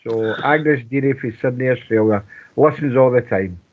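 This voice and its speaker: A man's voice: mid-range voice, normal speed. Scottish man on a tinny line. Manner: jokey, chatty, reads out listener messages. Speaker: fan radio co-host. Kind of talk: casual football chat.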